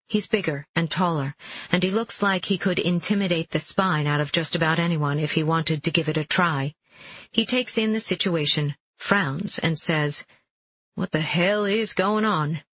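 Husky-voiced woman narrating an audiobook. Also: low voice, a bit bright, no echo, dull audio. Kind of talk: first-person audiobook narration.

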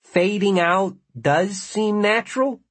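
A man's voice: high voice, steady tone, takes it slowly, fairly bright tone, dry recording, pitched above the performer's own voice, exaggerated voice. A man voicing a blunt, pragmatic adult man who speaks firmly.

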